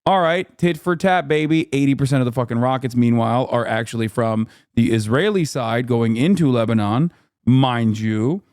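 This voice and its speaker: A man's voice: medium pitch, moderate pace, a little mellow, clear, resonant tone, dry recording, studio quality. A man streamer reacting to a debate clip with profane, sarcastic commentary. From Turkish-American.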